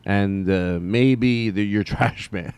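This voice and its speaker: A man hosting a solo comedy podcast, rambling through a story with jokey asides and quick mock voices. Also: on the low side, darkish tone, clear, resonant tone, no room sound.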